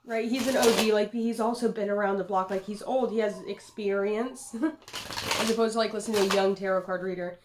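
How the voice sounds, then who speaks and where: Against a noisy background, a woman in her twenties speaks a little fast in a medium-pitched, steady voice. She reads tarot and rambles loosely through her casual vlog, swearing often and repeating "dude."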